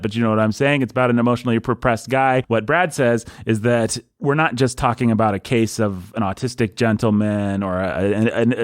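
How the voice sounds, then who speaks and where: A man's voice: on the low side, no room sound, clean studio sound. A man hosting a podcast in playful, joking, rambling casual chat. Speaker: podcast host.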